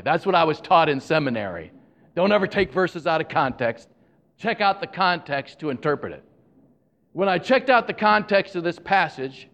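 A pastor delivers a sermon in a slightly high-pitched voice. He leans hard on key words, builds to emphatic points, then drops into relaxed asides to the congregation. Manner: emphatic preaching with rising stresses and asides.

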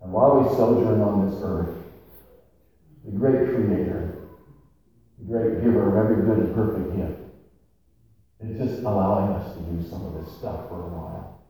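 A male pastor preaching a sermon with emphasis, repeating key phrases slowly. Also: low-pitched, warm tone. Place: large echoey church sanctuary. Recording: echoey hall from far off.

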